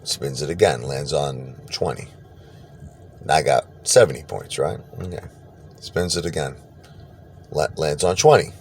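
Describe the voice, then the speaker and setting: Very deep, gravelly storyteller man. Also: unhurried, pauses often, a little hiss or hum. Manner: animated, laughs and acts out quotes. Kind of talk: casual personal storytelling.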